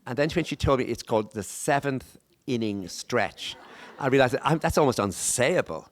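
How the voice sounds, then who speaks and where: A man's voice: medium pitch, animated, moderate pace. Irish man telling a rambling story. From Ireland. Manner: rambling storyteller, many restarts and asides. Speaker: author. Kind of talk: talk at a live book event. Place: stage before a live audience.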